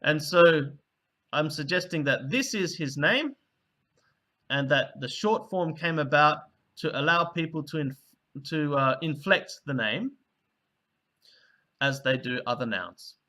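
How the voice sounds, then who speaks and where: A man teaching in an explanatory video lecture, speaking slowly and deliberately, with pauses between phrases and a raised voice for quoted examples. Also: a little high, lively intonation, sharp tone.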